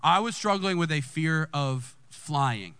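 A man, a lead pastor telling a personal story in a sermon and jumping high in pitch when excited. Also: slow pace, smooth, dry recording.

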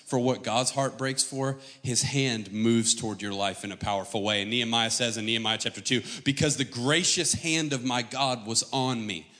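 A pastor with an American accent preaching a sermon, mixing jokes with dramatic scripture reading. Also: male voice, mid-range voice, steady tone, moderate pace, hardly any pauses, bright, forceful tone, long reverb tail. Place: church stage with long reverb.

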